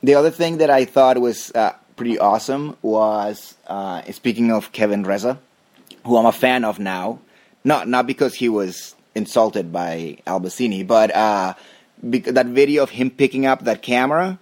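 A man's voice: medium pitch, normal speed, darkish tone. A man hosting a casual podcast chat, telling stories with many fillers. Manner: rambling, with fillers. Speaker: podcast host.

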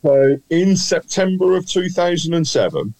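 A man's voice: a little high, big pitch swings, moderate pace, darkish tone, dry recording, rough recording. A man with a Birmingham accent hosting a football quiz on a casual podcast, stretching out his clues and teasing the panel. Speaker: quiz host.

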